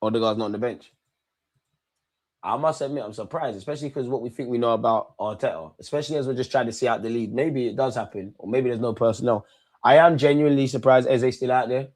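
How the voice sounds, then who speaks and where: A man's voice: mid-range voice, quick pace, a little mellow. A young man giving live, slang-filled commentary as a football fan hosting a match watchalong, repeating his phrases over and over.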